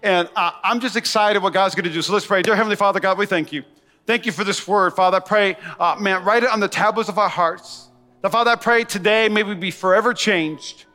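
A man preaching in a large church with a high, bright, forceful voice. He talks to the congregation with quick asides and call-and-response. His voice rings with long hall reverb over soft music. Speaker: pastor. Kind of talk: sermon.

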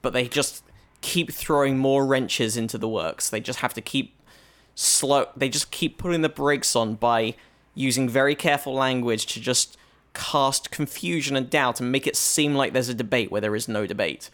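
A man's voice: mid-range voice, moderate pace, hardly any pauses, fairly bright tone. A British man, a comedian, chatting casually on a podcast and telling a meandering story full of restarts. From Britain. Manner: rambling storyteller with many restarts. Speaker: comedian guest. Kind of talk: casual chat.

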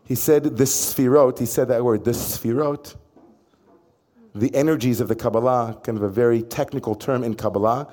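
A man, a rabbi, telling a personal story in an animated, dramatic way. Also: mid-range voice, fast, few pauses.

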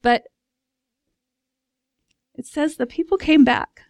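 Chatty, high-voiced woman preacher. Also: takes it slowly, creaky, dry recording, studio quality. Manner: chatty and expressive, laughs often, acts out voices. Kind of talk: casual sermon.

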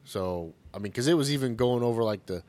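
A man's voice: medium pitch, lively intonation, fairly quick, darkish tone. A man co-hosting a podcast, chatting casually, sarcastic and profane, often laughing. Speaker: podcast co-host. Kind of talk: casual chat.

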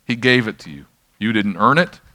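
A middle-aged male pastor delivering a sermon in a relaxed, storytelling manner. His voice sits fairly low but has a forceful, bright edge. He drifts into self-deprecating asides and brings the room back to his point. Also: normal speed. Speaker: pastor leading a healing ministry.

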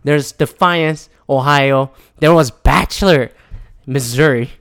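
A man's voice: mid-range voice, slow pace, a bit bright, clean tone, no room sound. A man ranting casually, swearing often and rambling with frequent restarts and repeated words. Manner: profane, frustrated, rambling with restarts. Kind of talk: casual rant.

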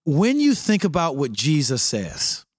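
Lively high-voiced man agreeing emphatically. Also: a little slow, dry recording, studio quality. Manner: emphatic, with frequent agreeing interjections. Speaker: podcast co-host. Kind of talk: casual chat.

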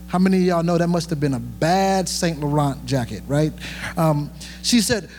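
Young man preaching, chatty and joking, slightly high voice, echoey hall with faint hum. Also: lively intonation, normal speed, darkish tone. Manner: conversational, joking, with many fillers and restarts. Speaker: pastor. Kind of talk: sermon.

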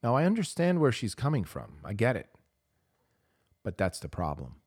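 Brief: male podcast host, low voice, earnest and emphatic, dry close sound. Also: huge pitch swings, moderate pace, darkish tone, slightly rough, dry recording. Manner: earnest and emphatic, repeats key phrases for weight. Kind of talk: impassioned advice monologue.

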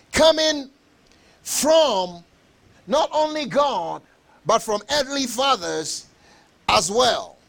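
High, lively-voiced man preaching slowly. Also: vocal fry. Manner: emphatic preaching, repeats phrases, bursts into shouts. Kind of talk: sermon.

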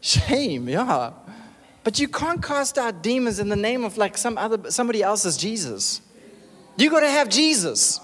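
High-voiced preacher, echoing hall. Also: male voice, moderate pace. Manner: animated, emphatic, calls for amens. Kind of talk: sermon.

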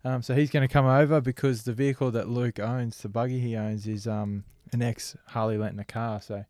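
A young Australian man co-hosting a podcast, laid-back and quick with quips in casual chat. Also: mid-range voice, steady tone, a little mellow, no room sound. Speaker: podcast co-host.

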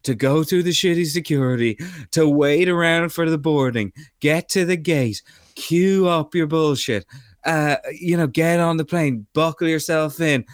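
A man's voice: on the high side, a little slow, no room sound, studio quality. A man co-hosting a podcast, wry and profane in casual chat. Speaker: podcast co-host.

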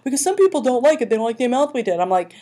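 Animated woman telling a story. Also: a little high, rapid-fire. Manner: animated storytelling, acting out both sides of a dialogue. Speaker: podcast co-host telling a story. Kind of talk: casual chat.

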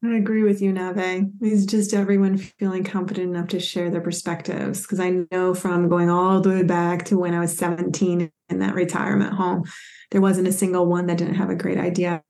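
A woman's voice: fairly low pitch, completely flat delivery, fairly quick, creaky, mellow. A woman guest in a radio interview, telling her stories with earnest enthusiasm. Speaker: guest, executive coach.

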